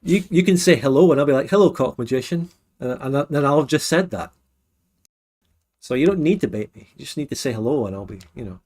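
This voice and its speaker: A Scottish man hosting a relaxed late-night livestream, chatting frankly and laughing often. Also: medium pitch, fast. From Scotland. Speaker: livestream host. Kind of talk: casual late-night stream chat.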